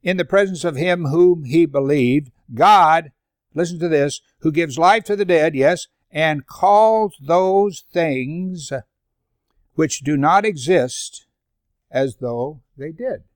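A man's voice: a little high, measured pace, dry recording, studio quality. Older man teaching a Bible study. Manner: reads scripture aloud, conversational asides. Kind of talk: sermon-style Bible study.

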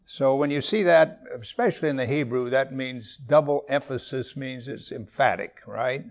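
A man teaches a sermon in a gravelly voice, reading scripture slowly and with rising force. Between the verses he drops into quick, quiet asides and brief chuckles. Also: medium pitch. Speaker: pastor.

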